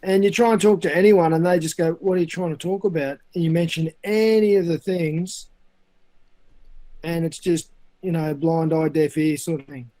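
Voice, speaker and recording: A man's voice: fairly high pitch, steady tone, moderate pace, mellow. An Australian man calling in to a casual chat, laid-back and slangy. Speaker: caller.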